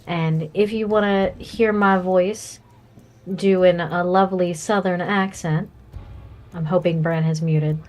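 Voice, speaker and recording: A woman's voice: fairly low pitch, steady tone, slow pace, a little mellow. A woman who plays in a tabletop game stream, chatting playfully as she plugs her channels. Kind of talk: casual chat, plugging her channels.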